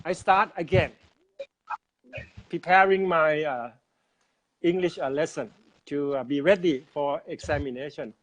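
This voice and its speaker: Man host, casual chat, slow hesitant delivery, slightly high voice. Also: fairly bright tone, poor audio. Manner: halting, many uh fillers, non-native English. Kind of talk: casual conversation.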